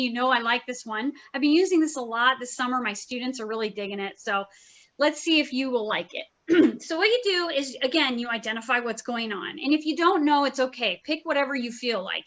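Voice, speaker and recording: A woman's voice: high voice, a bit bright. Woman, therapist lecturing, chatty, earnest, slightly muffled recording. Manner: chatty, earnest, uses filler words and repeats phrases. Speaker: therapist teaching a workshop. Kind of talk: informal lecture presentation.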